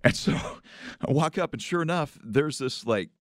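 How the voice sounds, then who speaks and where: A man hosting a morning show, telling a story in casual chat, animated, with frequent hesitations and restarts. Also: a little high, a little slow, no room sound, clean studio sound.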